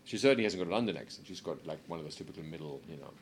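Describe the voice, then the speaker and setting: A middle-aged man chats loosely in English, his voice sitting very low. He wanders through his points with fillers and restarts. There is a faint hum of room noise behind him. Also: expressive, rapid-fire. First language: German. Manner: rambling, many fillers and restarts. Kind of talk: casual chat.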